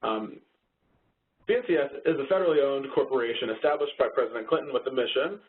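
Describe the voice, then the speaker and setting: A man's voice: mid-range voice, fast, slight background noise. A man co-hosting a training webinar in an easygoing way, over tinny phone-like audio. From Texas. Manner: easygoing, laughs along at jokes. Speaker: webinar co-host. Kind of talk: casual webinar presentation.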